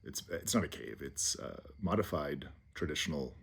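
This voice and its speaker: A man casually telling a rambling personal anecdote in his small home, halting with fillers. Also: rumbling low, expressive, gravelly, fairly bright tone, breathy edge. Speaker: vlogger. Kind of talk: casual storytelling. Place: small low-ceilinged home.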